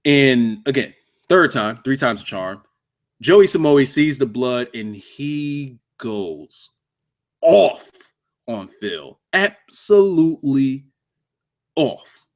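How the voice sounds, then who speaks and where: A man talking loosely on his own livestream, reviewing a wrestling show. His pitch jumps around a lot as he rants, swears and cracks himself up. It sounds like off-the-cuff chat with his viewers. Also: slow pace. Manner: animated, profane, laughing, joking with chat.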